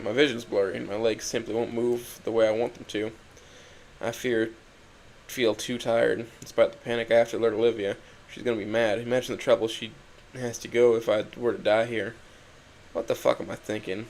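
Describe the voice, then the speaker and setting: A young man reading a first-person story aloud in a quiet, introspective, halting way. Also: mid-range voice, little pitch movement, low-quality recording. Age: young adult. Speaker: narrator.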